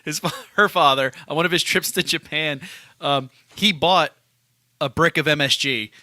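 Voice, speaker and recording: A man's voice: on the high side, normal speed, bright, forceful tone, no room sound, clean studio sound. A man co-hosting a casual podcast, joking around and swearing freely.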